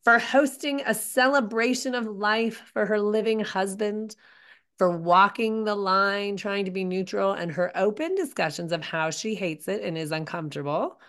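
A woman's voice: mid-range voice, normal speed, fairly bright tone. A woman co-hosting a podcast, chatting casually and animatedly, with stops and restarts. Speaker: podcast co-host. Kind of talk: casual chat.

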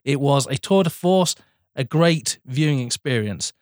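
A man's voice: medium pitch, lively intonation, a little slow, no echo, studio quality. Sweary man chatting films. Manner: sweary, laughing, enthusiastic. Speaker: podcast co-host. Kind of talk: casual film chat.

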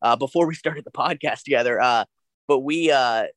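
A man telling animated, profane anecdotes in a casual podcast chat. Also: mid-range voice, moderate pace, no room sound.

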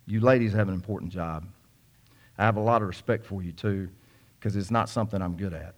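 A man's voice: low-pitched, fairly quick. A young man preaching a sermon, telling a folksy story with many repeats and asides to the congregation. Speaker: pastor.

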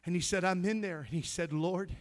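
A male pastor preaching a sermon, telling stories and swinging from hushed tones to loud, shouting climaxes. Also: high-pitched, fast talker. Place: church sanctuary.

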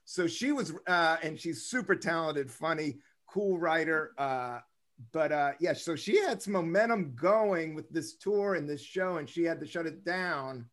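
A man's voice: a little high, expressive, a little slow, fairly bright tone. A man hosting a casual podcast over a video call, upbeat and rambling, with a sing-song delivery. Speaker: podcast host.

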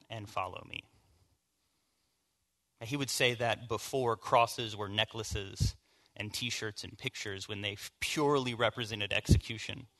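A man from the American South preaching a conversational sermon, moving from hushed storytelling to emphatic points. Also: medium pitch. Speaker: pastor.

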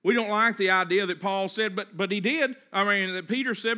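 High bright-voiced preacher, hushed to emphatic. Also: male voice, steady tone, brisk, hardly any pauses. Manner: repetitive, rhythmic lists of phrases. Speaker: pastor. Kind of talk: sermon.

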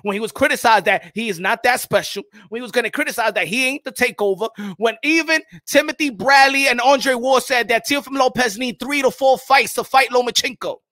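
High, bright-voiced man ranting about boxing. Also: fairly quick, few pauses, no room sound, clean studio sound. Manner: loud, profane, mocking, repeats himself. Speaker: boxing show host. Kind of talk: animated boxing commentary.

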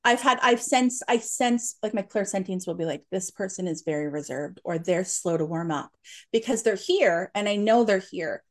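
A young adult woman chats as a podcast guest, eager and animated as she tells her stories. She talks in bursts, full of "um" and "like", restarting her sentences, at a medium pitch for a woman. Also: normal speed. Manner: enthusiastic storyteller, many fillers and restarts. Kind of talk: casual chat.

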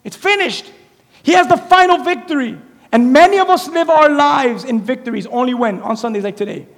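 A man preaching a sermon in a church, animated and conversational, acting out little quotes as he goes. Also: very high voice, brisk. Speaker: pastor. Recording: echoey hall reverb.

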